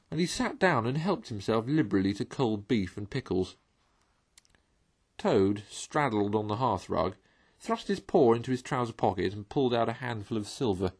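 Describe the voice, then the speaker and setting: A man's voice: on the low side, animated, moderate pace, slightly rough. A man reading a children's storybook aloud, narrating expressively.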